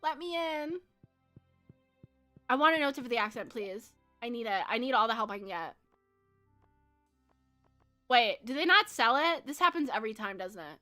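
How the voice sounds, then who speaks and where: Young woman gaming streamer, bright and a bit high-pitched, giggly and chatty. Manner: chatty, giggly, lots of fillers. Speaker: game streamer. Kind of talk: casual chat while gaming.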